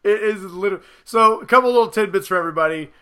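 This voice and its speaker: A man with a high, bright voice gushes through a casual movie review. He talks excitedly, swears freely and slips into quick impressions of characters. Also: smooth. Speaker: podcast co-host.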